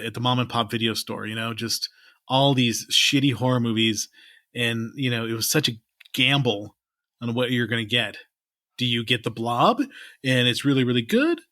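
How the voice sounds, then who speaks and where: A man's voice: medium pitch, moderate pace, sharp tone, no room sound, clean studio sound. A man co-hosting a podcast, chatting casually with a rambling, laid-back manner that trails off at the ends of lines. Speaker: podcast co-host. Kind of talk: casual chat.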